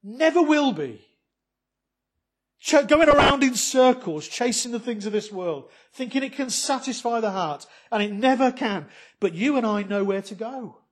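A man preaching a sermon to his congregation, with many rhetorical questions, swinging between loud emphatic lines and soft quiet ones. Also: very high voice, expressive, moderate pace, hardly any pauses.

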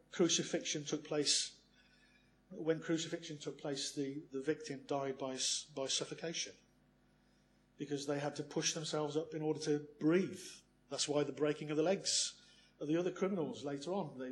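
A man preaching a sermon, earnest and full of rhetorical questions, swinging from loud emphasis to hushed asides. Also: on the high side.

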